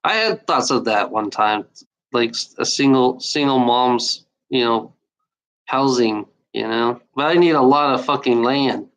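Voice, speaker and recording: A man vents in a loose, unscripted video rant. He speaks bluntly and swears often, stumbling through restarts and fillers. His voice sits at an ordinary middle pitch. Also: unhurried, a bit bright, poor audio. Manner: blunt, profane, repeats himself with many fillers. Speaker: video maker.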